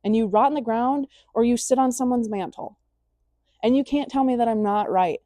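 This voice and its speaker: A woman's voice: on the high side, normal speed, warm tone, dry recording. A young woman vlogger delivering a blunt, emphatic casual rant, full of swearing.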